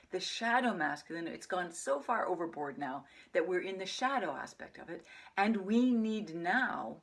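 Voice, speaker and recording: A woman teaching a meditation practice, speaking softly and calmly, often sinking to a breathy near-whisper. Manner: soft, calm delivery that drops into breathy near-whispers; chants mantras in a low murmur. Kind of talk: spoken meditation teaching to camera.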